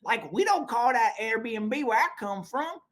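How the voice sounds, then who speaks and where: A man voicing an exaggerated, folksy, boastful country man from the American South with a high, twangy drawl, as a comic bit in podcast chat. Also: expressive, measured pace, fairly bright tone, full character voice. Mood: folksy joking. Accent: put-on Southern US drawl.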